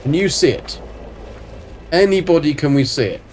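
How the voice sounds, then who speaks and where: A man's voice: on the high side, expressive, moderate pace, a little mellow, a little hiss or hum. A man casually commentating a game on a live stream, chatting to viewers, swearing freely and greeting them by name. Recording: faint background music.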